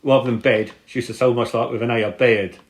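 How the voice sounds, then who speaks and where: A man's voice: medium pitch, flat delivery, racing. A man with a London working-class accent, hosting a podcast in casual conversation, earnest and reflective, often agreeing. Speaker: podcast host.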